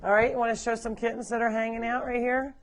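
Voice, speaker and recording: Talking fast in a fairly high, level voice, a woman narrates a casual live tour of a farm sanctuary. She wanders among the animals indoors and outdoors with a mic on, chatting, laughing, coaxing them along and scolding them.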